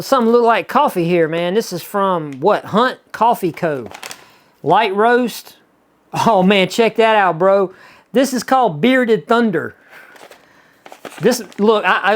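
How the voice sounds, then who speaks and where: A man with a Southern US accent hosting a casual unboxing vlog, chatty and excitable, rambling with lots of asides. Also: high voice. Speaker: YouTuber reviewing subscription boxes.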